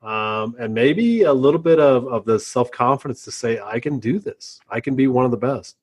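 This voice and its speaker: Casting: husky-voiced male interview host, emotional, stop-start phrasing. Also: medium pitch, expressive. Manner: moved, halting, restarts his questions. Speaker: podcast host. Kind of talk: interview question.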